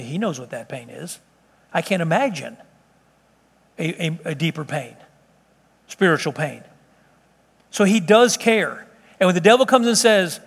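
This pastor's high, fairly bright voice is expressive and moves at a moderate pace with frequent pauses as he preaches from the pulpit. He stresses his points by repeating them emphatically, and the church sanctuary adds long reverb.

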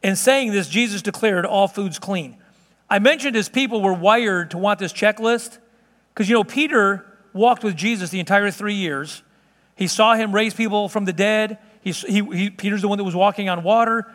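High-voiced pastor preaching in a reverberant hall. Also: male voice, moderate pace, fairly bright tone. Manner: conversational preaching with frequent restarts. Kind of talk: sermon. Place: church sanctuary. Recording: long reverb of a church hall.

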